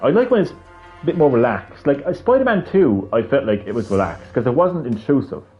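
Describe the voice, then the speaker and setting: A man's voice: mid-range voice, sing-song, brisk, dull audio, faint music behind. A man with a heavy Irish accent chatting on a gaming livestream, rambling with restarts and casual swearing.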